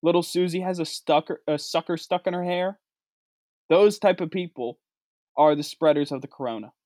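A man delivering a sarcastic comedic rant, swinging between low mutters and high outbursts. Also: moderate pace, a little mellow, no room sound, studio quality. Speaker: comedic vlogger.

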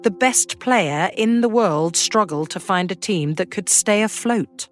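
A woman host reading scripted documentary narration in a measured storytelling manner. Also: mid-range voice, lively intonation, faint music behind.

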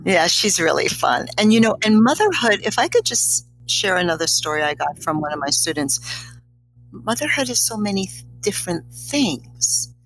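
A woman's voice: mid-range voice, sing-song, moderate pace, fairly bright tone, slightly rough, faint music behind, poor audio. A middle-aged woman, a guest on an interview show, telling a personal story in a reflective, slightly teary way. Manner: emotional, reflective, a little teary.

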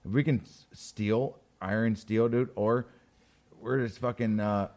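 A man's voice: on the low side, steady tone, a little slow, a little mellow. A young man hosting a podcast in casual, rambling, profane chat, joking as he reads. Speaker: podcast host.

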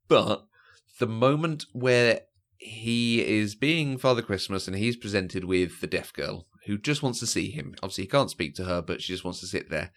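A man's voice: on the low side, a bit bright. A man co-hosting a podcast, chatting casually about a film, hesitant with many fillers and frequent laughs. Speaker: podcast co-host. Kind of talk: casual film review chat.

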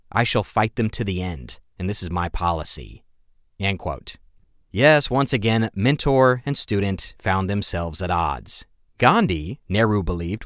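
A man's voice: on the low side, no room sound, studio quality. A man hosting a history podcast, reading a script aloud and giving the quotes dramatic emphasis. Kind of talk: scripted narration.

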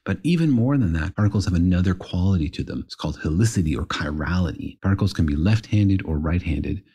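A man's voice: low-pitched, expressive, fast talker, warm tone, husky. A man, a physicist, patiently explaining particle physics to his co-host in a casual podcast chat.

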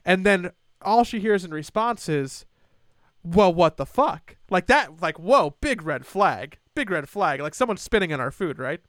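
A young man on a casual podcast, telling a story with animated stammering restarts and laughing asides. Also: high voice, moderate pace, hardly any pauses, no echo, studio quality. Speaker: podcast co-host.

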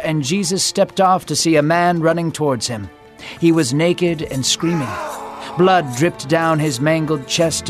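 Guy telling a bible story dramatically, kinda higher voice, soft music behind. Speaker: narrator. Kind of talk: scripted storytelling narration.

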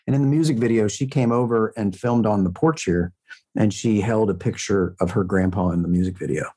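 A man's voice: fairly low pitch, brisk, warm tone. A middle-aged man, a country singer guest, telling stories in a casual self-mocking way. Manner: chatty storyteller, self-mocking, frequent restarts. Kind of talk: casual interview chat.

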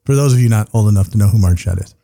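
A man's voice: lowish voice, very fast, creaky, mellow. A man hosting a podcast, his voice tired, talking casually in a rambling, profane, joking way. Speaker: podcast host. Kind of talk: casual chat.

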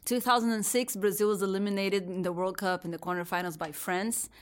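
Animated woman on a football panel. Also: mid-range voice, fairly quick, smooth. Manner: animated, tells stories with emphasis. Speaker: podcast panelist. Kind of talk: casual panel chat.

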